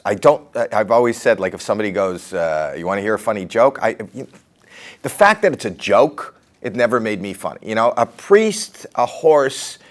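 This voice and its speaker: A middle-aged man with a Canadian accent, talking through his comedy career in a candid, rambling, self-deprecating interview. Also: on the low side.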